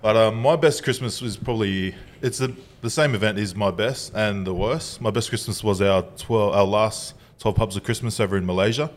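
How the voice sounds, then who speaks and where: A laid-back podcast co-host tells a story in a casual chat, laughing, swearing, and acting out quotes. His voice is on the low side, moderately paced with hardly any pauses, over faint background noise.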